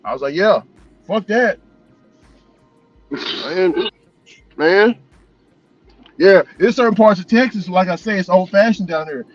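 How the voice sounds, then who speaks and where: A man's voice: sits high, moderate pace, long pauses, no echo, lo-fi sound, faint music behind. A man vlogging as a delivery driver, chatting casually and telling loose, profane stories with frequent laughs. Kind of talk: casual chat.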